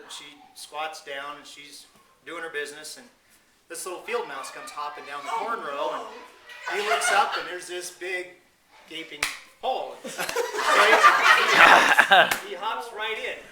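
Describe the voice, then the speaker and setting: Casting: rambling folksy joke teller, man, high voice, recorded from far off in an echoey room. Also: a little slow. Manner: folksy, rambling storyteller with restarts. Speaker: joke teller at a family reunion. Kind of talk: casual joke telling. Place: indoor room at a family gathering. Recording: roomy, distant home video with noise.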